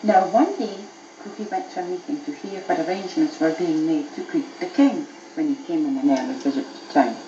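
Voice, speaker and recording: A woman's voice: sits low, a little fast, dark tone, roomy sound, lo-fi sound, slight background noise. A mother reading a bedtime story to her child aloud, telling it expressively, recorded on an old cassette tape.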